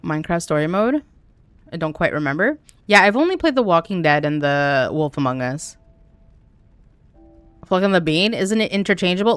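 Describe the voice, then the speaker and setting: Low-voiced woman streamer chatting casually. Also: animated, a little slow, smooth, dry recording. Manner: candid, joking, chats with viewers. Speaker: game streamer. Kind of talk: casual chat while playing live.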